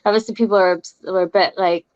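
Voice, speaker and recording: A Scottish woman hosting a casual podcast chat, excitable and quick to laugh. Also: mid-range voice, clear, resonant tone, dull audio. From Scotland. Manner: chatty and excitable, laughs often. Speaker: podcast host.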